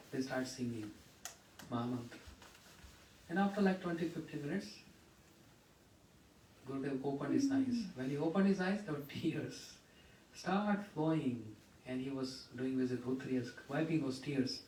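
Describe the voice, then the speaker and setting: A man giving a devotional talk in a temple hall, telling stories of his teacher in an earnest way and often dropping to a hushed voice. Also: on the high side, slight background noise. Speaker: speaker at a memorial gathering. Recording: echoey room, voice from far off the mic.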